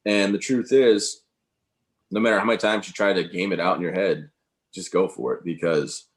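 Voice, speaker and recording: A man with a very low, deep voice talks casually in an interview. He is upbeat and rambles, full of "you know" and "um." He speaks like he is telling his own story to a friend. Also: moderate pace. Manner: upbeat, rambling, many fillers. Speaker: interview guest, veteran speaker.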